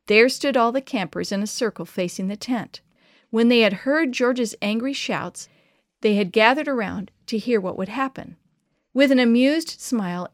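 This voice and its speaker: A woman reading a children's story aloud in an expressive, measured way. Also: medium pitch, dry recording, clean studio sound.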